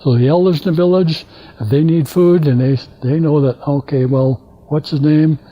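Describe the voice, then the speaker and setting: An older man from Alaska giving a guest lecture, telling stories in a halting, rambling way and acting out the dialogue he quotes. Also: fairly high pitch, fairly even intonation, warm tone. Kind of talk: anecdotal storytelling lecture. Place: lecture hall. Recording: dull lo-fi lecture recording.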